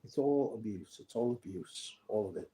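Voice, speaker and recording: A man in a rambling personal monologue, halting and restarting with repeated words. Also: fairly low pitch, mellow, rough recording.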